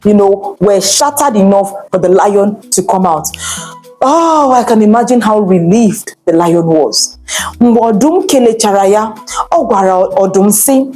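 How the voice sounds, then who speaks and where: Woman, children's teacher, storytelling, encouraging, mellow tone, soft music underneath. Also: mid-range voice, animated, measured pace. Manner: chatty, encouraging, asides to children. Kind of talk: bilingual storytelling lesson.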